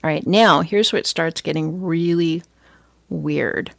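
A woman with a slightly low, fry-edged voice comments casually on what she reads. Her tone stays wry and amused. The sound is dry and close, with no room around it. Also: unhurried, no room sound. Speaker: commentator reading out a chatbot's output.

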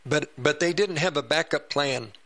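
A man's voice: a little high, moderate pace, a bit bright. A man hosting a political talk radio show, rambling and repeating himself as he comments.

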